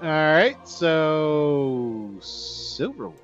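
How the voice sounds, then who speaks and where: A man running a tabletop game as game master, animated, laughing and swearing casually. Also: a little high, extremely slow. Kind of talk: narrating a tabletop game session. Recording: dull lo-fi sound with faint music.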